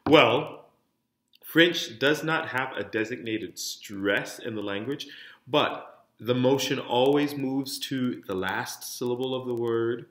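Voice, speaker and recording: A man teaching French diction in an online lesson, speaking each word clearly for students to repeat and stressing word endings. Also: medium pitch, takes it slowly, a bit bright, reverberant. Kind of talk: online lesson, modeling words for repetition.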